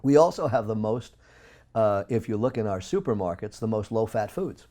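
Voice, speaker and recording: A man speaking as an interview guest, talking in an emphatic, preachy way with big swings in loudness. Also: fairly low pitch, lively intonation, moderate pace. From United States. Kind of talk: interview talk.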